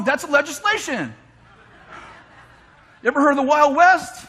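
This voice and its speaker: A man preaching a lively sermon, shouting his points and mimicking complainers in mock voices. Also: very high-pitched, normal speed. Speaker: pastor. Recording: long hall reverb from a church.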